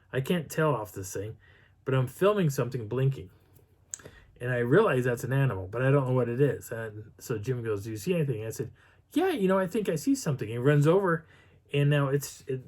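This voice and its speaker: A middle-aged man telling a story on his video channel in a casual, animated way, acting out what people said. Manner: animated, acts out quotes with pitch jumps and whispers. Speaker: vlogger.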